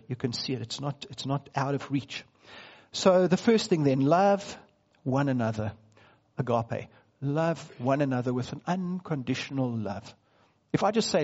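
Husky man preaching a casual sermon. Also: on the high side, darkish tone, muffled recording. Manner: conversational preaching, asks the congregation questions. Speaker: pastor.

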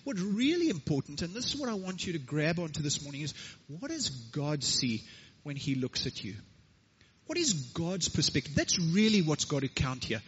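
Lively storytelling pastor. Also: male voice, a little high, moderate pace, lo-fi sound, slight background noise. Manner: animated storyteller, chatty asides. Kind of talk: sermon.

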